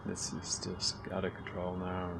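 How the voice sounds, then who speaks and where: A man's voice: deep voice, completely flat delivery, unhurried, creaky, background noise. A man interviewing a guest, rephrasing his question as he goes.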